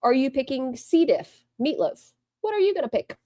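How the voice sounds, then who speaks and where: A woman's voice: high voice, lively intonation, fast, mellow, no room sound. A woman streamer giving blunt, mocking, profane commentary while she watches another stream and reads chat. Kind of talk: casual commentary.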